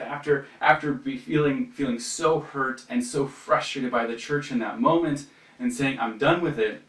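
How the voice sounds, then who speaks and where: At a retreat, a young adult man shares a personal faith testimony in a mid-range, fairly bright voice. He sounds reflective and conversational, with frequent fillers and restarts, and is recorded from a distance in a roomy space.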